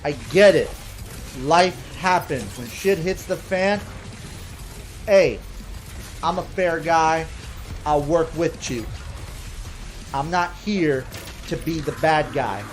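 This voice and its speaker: A man giving comedic let's-play commentary, ranting and swearing in an animated way. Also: a little high, slow pace, pauses often, a little hiss or hum. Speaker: gaming commentator.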